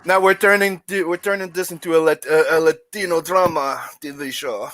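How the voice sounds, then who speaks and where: A man's voice: on the high side, fairly even intonation, moderate pace, a bit bright, no echo. A man co-hosting a casual livestream, joking around in a playful way. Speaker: co-host.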